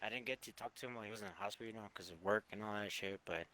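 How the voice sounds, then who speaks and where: Bright-voiced, rambling man swearing casually. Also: on the low side. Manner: rambling, profane, halting with fillers. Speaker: co-host of a gaming channel. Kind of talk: casual memorial chat.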